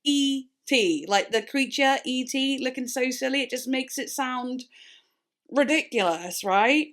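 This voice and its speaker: A young woman with a slightly high voice hosts a music reaction video. She reads lyrics and explanations aloud in an animated, offhand way, swearing casually and breaking into laughs. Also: a little slow.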